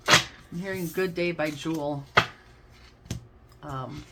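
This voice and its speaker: Woman, low-pitched, tarot reader; casual and effusive, talks straight to her viewers. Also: slow pace, very noisy. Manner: chatty and effusive, addresses listeners as babes and y'all.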